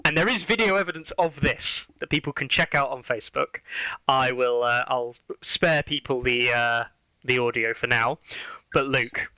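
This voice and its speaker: A man's voice: medium pitch, moderate pace, pushed and bright, smooth, no echo, low-quality recording. A man hosting a podcast, chatting casually with lots of fillers and restarts. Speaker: podcast host. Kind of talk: casual chat.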